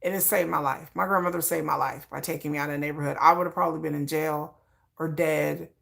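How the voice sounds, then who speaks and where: A middle-aged Michigan woman, her accent carrying a slight Texan tinge, talks candidly about personal matters in an interview, often repeating herself and starting over. Her voice is low, steady, creaky, and fairly bright, and she speaks fast.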